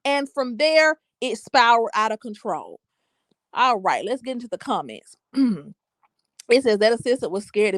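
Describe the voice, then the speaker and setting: Sassy young woman, bright voice, dry sound. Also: a little high, dry recording. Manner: animated, sassy, emphatic. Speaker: livestream host reading comments. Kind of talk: casual commentary chat.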